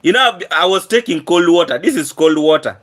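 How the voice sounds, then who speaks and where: Hoarse man hosting a live stream. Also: high-pitched, expressive, a little fast. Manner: repetitive, earnest thank-yous. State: hoarse, frequently clearing his throat. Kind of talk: casual live stream chat, thanking viewers.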